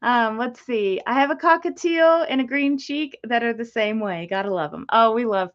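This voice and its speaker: On lo-fi sound, a gecko breeder runs a relaxed livestream, her voice on the high side and her pace moderate. Chatty and easily sidetracked, she talks to viewers and slips into baby talk with her parrot.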